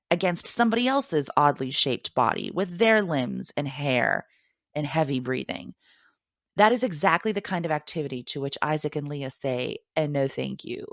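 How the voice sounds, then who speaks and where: A woman's voice: sits low, a bit bright, dry recording, studio quality. A woman in her thirties, a podcast host, reading her own personal essay aloud with wry, playful storytelling.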